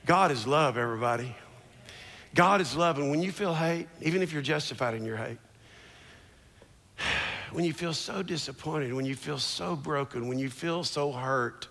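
A man preaching a sermon as a church's founding pastor on a large stage, swinging from low murmurs to shouted declarations. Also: moderate pace, creaky, long pauses, long reverb tail.

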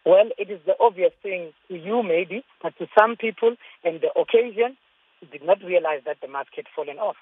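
A woman's voice: lowish voice, brisk, breathy edge, no echo. A woman from South Africa speaking as a government spokesperson in a phone interview, answering firmly and defensively. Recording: tinny phone line.

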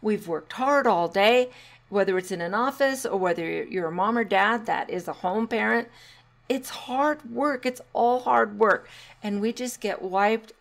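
A woman's voice: mid-range voice, unhurried, gravelly. Woman, middle-aged, podcast host, parenting coach, casual solo talk, chatty, encouraging, sarcastic asides.

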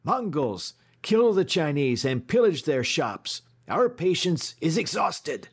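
A man shouting as a wild young Mongol messenger. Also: on the high side, very animated, slow pace, slightly rough, pitched above the performer's own voice, exaggerated voice. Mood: rousing. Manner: shouting a call to arms.

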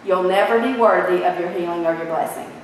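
A woman preaching a sermon in an animated way, putting questions to her listeners. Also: lowish voice, fairly quick, a little hiss or hum. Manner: animated, asks the audience questions. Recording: echoey hall from far off.

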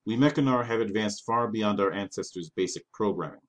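A man's voice: fairly low pitch, brisk, close to an everyday voice. A man voicing a polite, formal male robot helper who speaks with earnest precision.

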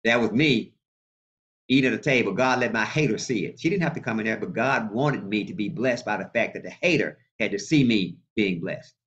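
A male pastor preaching a sermon in a colloquial, animated way and calling out to his congregation. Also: on the low side, a little fast. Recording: muffled lo-fi sound.

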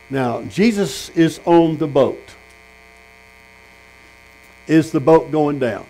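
Fairly high-voiced preacher man. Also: unhurried, long pauses, dark tone, a little hiss or hum, poor audio. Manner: storytelling, asks the congregation questions. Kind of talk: sermon. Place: tent meeting.

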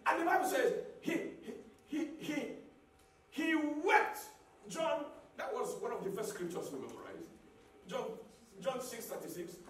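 A man preaching a sermon as a pastor, repeating phrases and building up to shouts. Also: very high voice. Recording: echoey hall, mic at a distance.

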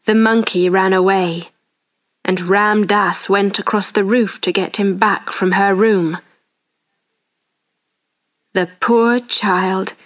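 A woman's voice: medium pitch, close to an everyday voice. Woman reading as a guilt-ridden rich man. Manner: slow, earnest, remorseful. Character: grieving wealthy man, guilt-ridden, anxious.

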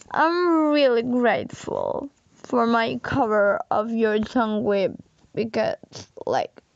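A young woman vlogging, crying and overwhelmed with happiness, speaking haltingly with many fillers. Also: sits high, no room sound, lo-fi sound. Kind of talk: emotional thank-you vlog.

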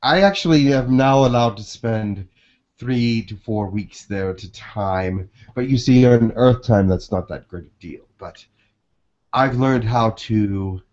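A man speaks as a gentle telepath from the space colonies during a channeling webinar. He talks very slowly and reassuringly, restarting his phrases often. The sound is dull and lo-fi. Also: fairly low pitch. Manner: slow, hesitant, soothing, with many restarts.

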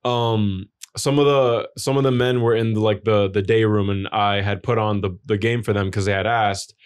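A man's voice: on the low side, steady tone, normal speed, clean tone. A young man co-hosting a podcast, telling long, rambling stories in casual chat and swearing often. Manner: rambling, profane storytelling. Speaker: podcast co-host.

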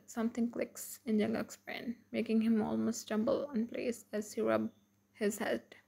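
A woman reading a fan fiction story aloud in plain, even narration. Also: on the high side, measured pace, creaky, slightly rough.

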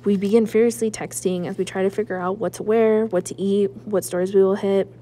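A woman, a school librarian, reading a chapter book aloud in a lively first-person narration with hushed asides. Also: mid-range voice, fairly quick, slight background noise.

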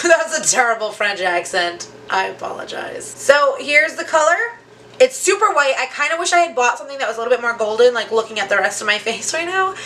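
A woman's voice: high voice, expressive, fast talker, bright, forceful tone, slight background noise. A young woman doing a casual makeup tutorial at her home vanity, chatty and self-deprecating with lots of "like" fillers, recorded on a camera mic at close range. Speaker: beauty vlogger.

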